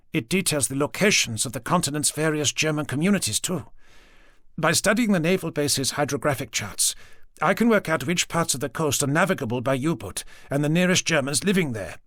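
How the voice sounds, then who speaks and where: A male narrator voicing a sharp, persistent young woman police sergeant in an audiobook. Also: on the high side, animated, dry recording, clean studio sound. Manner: quick, probing, persistent. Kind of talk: audiobook character voice. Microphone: close studio mic.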